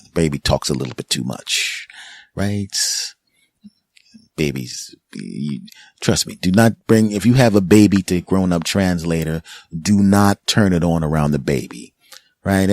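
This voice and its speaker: Male podcast host, low voice, dry close sound, rambling comic storyteller who slips into voices. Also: moderate pace, a little mellow, dry recording. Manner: acts out voices mid-story, loose profane riffing. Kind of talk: comedic monologue.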